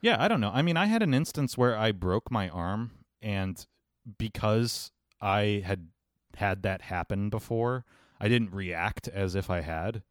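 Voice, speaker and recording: Male co-host, low pitch, level-headed and argumentative, dry sound. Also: lively intonation, no echo. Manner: measured, argumentative, hedging. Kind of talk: casual chat. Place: New York.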